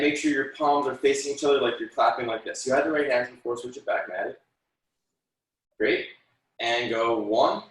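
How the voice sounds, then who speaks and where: A man coaching a martial arts class online, calling out counts and giving encouraging corrections. His mid-pitched voice rings through a very echoey room. He speaks from some distance off the mic. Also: fairly bright tone. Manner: encouraging, counts out moves and corrects students by name. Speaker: taekwondo instructor. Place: room, teaching students over video call.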